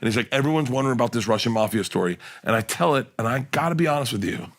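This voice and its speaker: A man's voice: mid-range voice, racing. A middle-aged man, a comedian guest, telling casual podcast stories and acting out the people in them. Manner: animated storyteller acting out quotes.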